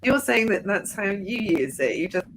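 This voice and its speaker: A woman hosts a conversational interview, her pitch jumping about lively as she acts out little stories. She talks chatty and warm-hearted, and a faint hiss of noise sits under the recording. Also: normal speed. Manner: chatty, animated storyteller. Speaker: podcast host.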